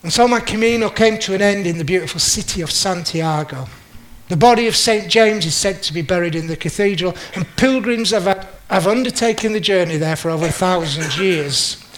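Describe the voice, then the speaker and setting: A man with a high-pitched, somewhat bright voice tells a personal story fairly quickly during a slide presentation. Chatty and self-deprecating, he performs other people's lines aloud; the recording is low quality with slight background noise.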